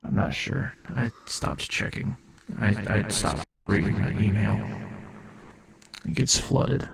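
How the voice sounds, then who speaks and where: A man's voice: fairly low pitch, expressive, takes it slowly, creaky, low-quality recording. A man improvising a comedic role-play as God, rambling and profane, often cutting himself off mid-sentence. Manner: rambling, profane, self-interrupting. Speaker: streamer.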